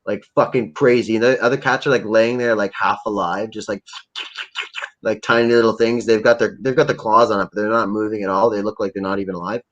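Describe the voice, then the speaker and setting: A man's voice: on the low side, steady tone, brisk, a bit bright. A young man hosting a livestream, telling rambling, profane, jokey stories in casual chat. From Canada. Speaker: livestream host. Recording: dull lo-fi stream audio.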